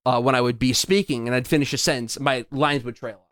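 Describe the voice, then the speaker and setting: A man's voice: mid-range voice, fairly even intonation, fairly quick, fairly bright tone, clear, resonant tone. A young man co-hosting a podcast in casual chat, saying "dude" a lot and letting his sentences trail off. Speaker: podcast co-host.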